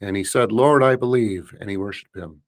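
Man reading scripture slowly. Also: on the low side. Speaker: host. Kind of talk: scripture reading and casual hosting.

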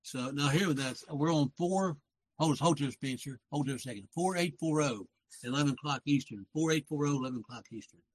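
A man's voice: a little high, brisk, breathy edge, low-quality recording. Older man, seventies, Southern accent, rambling folksy talk, radio pastor guest. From West Virginia. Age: 70s. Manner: rambling, self-correcting, folksy. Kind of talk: casual talk show conversation.

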